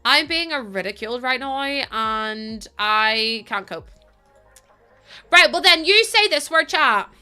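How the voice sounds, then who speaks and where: A young woman, streaming a game and chatting casually with her viewers, teasing and quick to laugh. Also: fairly high pitch, expressive, pushed and bright, smooth, soft background music. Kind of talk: casual live-stream chat while gaming.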